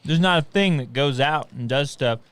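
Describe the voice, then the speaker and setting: A man with a smooth, clear voice chats on a casual talk show. He tells stories in an animated way and tosses in quick asides. His pitch stays middle of the road. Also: dry recording. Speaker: podcast co-host. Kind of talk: casual chat.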